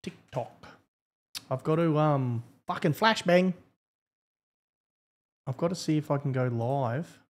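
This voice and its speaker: This is a young man livestreaming a game, his voice fairly high, his pace measured, and his speech broken by frequent pauses. He chats loosely, swears often, and grumbles bluntly while laughing in between.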